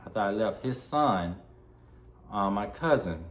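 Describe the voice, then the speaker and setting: A man's voice: on the low side, animated, measured pace. A young man vlogging a candid personal story, heartfelt and acting out the dialogue he quotes. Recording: roomy echo.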